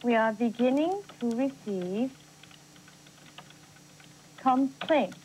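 A woman's voice: fairly high pitch, expressive, takes it slowly, a little mellow, slight background noise, low-quality recording. An actress playing an earnest adult woman learning spelling, in a scripted educational TV lesson. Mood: curious.

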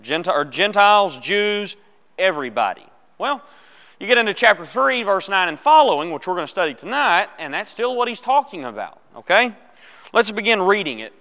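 A man's voice: high voice, very animated, moderate pace, pushed and bright. Man teaching a church Bible class. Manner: casual, joking, asks the class questions. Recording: long church hall reverb.

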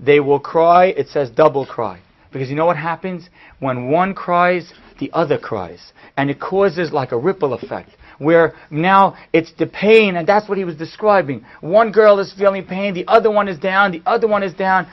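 Rabbi guy telling a story to his class, goes hushed then loud, kinda muffled recording. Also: sits high, normal speed. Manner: animated storyteller who swings from hushed to loud. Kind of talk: storytelling lecture. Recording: dull lo-fi recording.

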